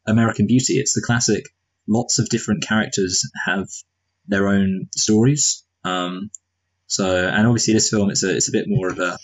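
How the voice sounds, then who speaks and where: A man's voice: on the low side, fairly even intonation, moderate pace, husky, poor audio. A married man co-hosting a movie review podcast, chatting casually with wry jokes and meandering asides. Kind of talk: casual chat.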